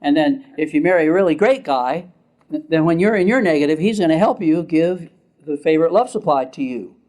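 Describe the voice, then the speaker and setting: A man's voice: fairly high pitch, lively intonation, fairly quick, a little mellow. An older man, a therapist, lecturing a class in a casual, chatty way, laughing often and asking the audience questions.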